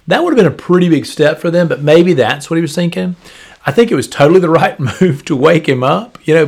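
Male pastor, podcast sermon, gravelly and a little husky, earnest, conversational, repeats phrases for emphasis. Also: mid-range voice. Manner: earnest, conversational preaching with repetitions.

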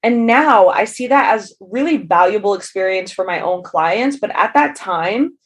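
A woman's voice: medium pitch, lively intonation, normal speed. A woman hosting her own business-coaching podcast, talking candidly and casually, tagging lines with "right?" and laughing easily at herself. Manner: candid and conversational, often adds "right?" and "like". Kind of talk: solo podcast monologue.

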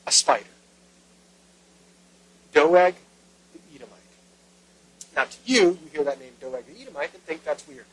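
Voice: mid-range voice, expressive, moderate pace, pauses often, a bit bright, husky, rough recording. A pastor giving a sermon in a conversational way, retelling a story with rhetorical questions.

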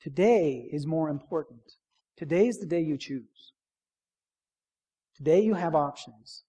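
A man's voice: a little high, unhurried, husky. Emphatic male pastor preaching. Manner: emphatic, repeats key phrases, drops to a near hush for stress. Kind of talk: sermon. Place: church.

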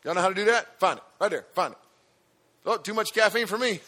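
A man preaching a sermon in an energetic, emphatic way, talking directly to his audience. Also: sits high, moderate pace, vocal fry, pauses often, slight background noise.

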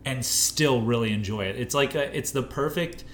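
A man co-hosting a podcast, chatting casually over beers in an animated, teasing way and laughing quickly. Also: mid-range voice, a little hiss or hum. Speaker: podcast co-host.

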